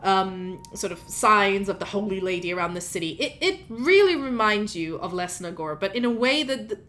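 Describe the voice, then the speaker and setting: A woman's voice: medium pitch, lively intonation, moderate pace, a bit bright. A woman narrating as game master of a tabletop role-play stream, rambling with lots of fillers. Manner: rambling, filler-heavy, laughing asides.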